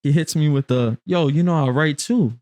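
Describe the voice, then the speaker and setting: A man's voice: a little high, normal speed, crowd noise. A man from Brooklyn, a podcast guest telling a story in casual, slangy talk and acting out what people said. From Brooklyn, New York. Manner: animated, slangy, acts out quoted dialogue.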